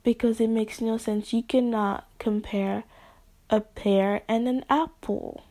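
A woman talking off the cuff in a slow, unhurried ramble, slipping into slang and hushed near-whispers. Her voice sits fairly high but has a dark, mellow color with a steady gravelly fry. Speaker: vlogger. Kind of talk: spontaneous casual monologue.

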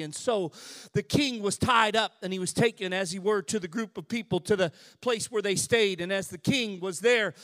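A man preaching a sermon. He tells a story in a hushed, low voice, then builds to shouted, drawn-out climaxes. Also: dry recording.

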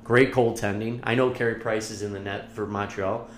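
A man's voice: fairly low pitch, fairly even intonation, normal speed. Guy just rambling on in a casual chat, swears a bunch, echoey room w/ a little hum. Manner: rambling, swears freely, laughs a lot. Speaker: podcast co-host.

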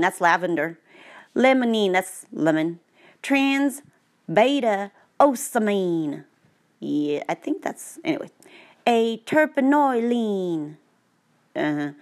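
A woman reading technical text aloud, with playful, sarcastic asides. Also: medium pitch. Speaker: vlogger. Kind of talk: joking read-aloud commentary.

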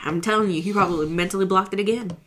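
A woman's voice: mid-range voice, very fast, slight background noise. A woman co-hosting a casual podcast, talking bluntly and swearing freely. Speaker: podcast co-host. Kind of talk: casual chat.

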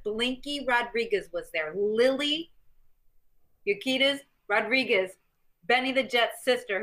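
A middle-aged woman from the US Midwest, a guest telling animated stories in an interview and acting out other people's lines. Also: on the high side. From Missouri, US Midwest. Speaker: guest, former champion fighter and stuntwoman. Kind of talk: interview storytelling.

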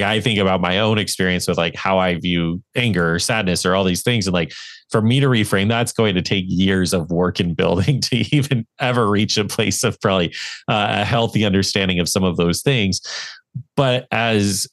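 A man with a very low voice hosts a podcast, asking his questions thoughtfully and often pausing to find the words. The sound is dry and close, with no room around him. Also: no room sound. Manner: thoughtful, searching, halting phrasing. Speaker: podcast host. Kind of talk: casual conversation.

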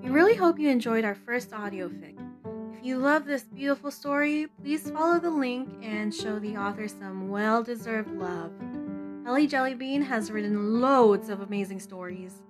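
Woman podcast host, friendly outro, fairly high voice, plucked guitar behind. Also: normal speed. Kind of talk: scripted show outro. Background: guitar music.

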